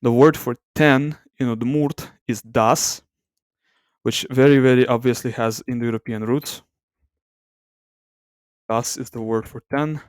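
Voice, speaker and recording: A man with a smooth, resonant voice talks softly through an ASMR-style language comparison. He thinks aloud, hesitates and corrects himself often. The sound is close and dry, with no room around it. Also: mid-range voice, fairly even intonation, unhurried, long pauses, no room sound. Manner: soft-spoken, reluctant to talk aloud. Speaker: language video host.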